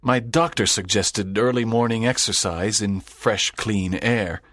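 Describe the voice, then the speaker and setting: A man's voice: on the low side, a little slow, a bit bright, no room sound, clean studio sound. A man playing a sad, lonely teacher. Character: sad, lonely, strict middle-aged male teacher. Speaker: narrator's teacher. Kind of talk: audiobook drama reading.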